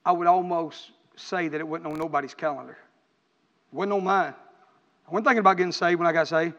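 A middle-aged man, preaching with fervor and swinging between shouts and quiet, earnest talk. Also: brisk, big-room sound, lo-fi sound. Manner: impassioned, rising to shouts then dropping low. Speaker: pastor. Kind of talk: preaching sermon.

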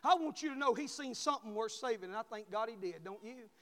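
Male pastor, high-pitched, shouting then hushed, call-and-response sermon in a church with long reverb. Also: animated, fast. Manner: call-and-response preaching, swings between shouting and hushed tenderness. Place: church sanctuary.

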